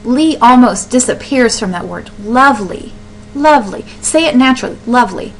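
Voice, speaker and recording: Woman, teacher, explains step by step, sounds words out slowly, slightly high voice, faint background noise. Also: animated, poor audio. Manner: explains step by step, with fillers and restarts; says words aloud slowly to show stress. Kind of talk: classroom lesson on poetry.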